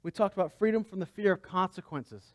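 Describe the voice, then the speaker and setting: A man's voice: sits high, fast talker, dry recording. Man preaching with rhetorical questions. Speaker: pastor. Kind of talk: sermon.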